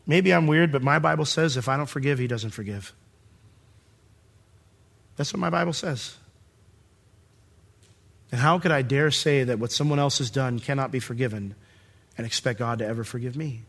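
A male pastor preaching a sermon in a church, animated and acting out the scene in different voices. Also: medium pitch, normal speed, gravelly, pauses often.

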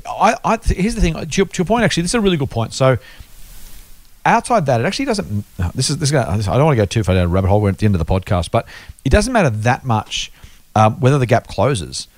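A man co-hosting a casual investing podcast. He talks quickly and walks through his points patiently with examples. The recording is close and dry, with no room sound. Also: medium pitch, very animated, dry recording. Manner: explains patiently with worked examples. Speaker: podcast co-host.

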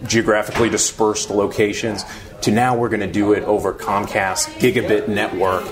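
A man, a sales manager guest, explaining network products in a measured way. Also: fairly low pitch, flat delivery. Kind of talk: technical business explanation. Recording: crowd chatter behind.

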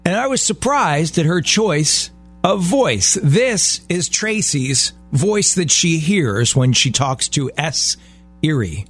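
A middle-aged male radio co-host with a somewhat high voice. He banters in a lively, joking style over a faint music bed. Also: slow, breathy edge. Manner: animated, joking, mock-jealous.

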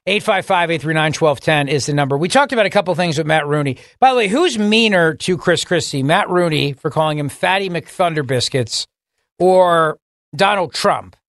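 A talk radio host with a fairly bright, expressive voice on the high side speaks at normal speed, indignant and emphatic, repeating words for stress. It's a dry recording with clean studio sound from a studio microphone.

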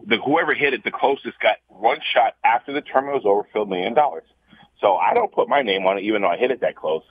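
A husky-voiced man tells his story over a tinny, dry phone line. He is animated and often repeats words as he restarts a sentence. He speaks at an ordinary pitch for a man. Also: no room sound. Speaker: guest, former basketball showman. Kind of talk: storytelling, casual chat.

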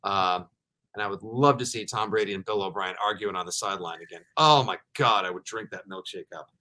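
A man hosting a casual sports chat, energetic and joking, launching into riffing rants. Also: on the low side, fairly quick. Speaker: podcast host.

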